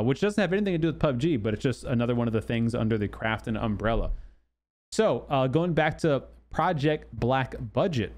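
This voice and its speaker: A man's voice: medium pitch, a little mellow. A man hosting a gaming channel, talking loosely through game news with many fillers and restarts. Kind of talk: casual commentary on game news.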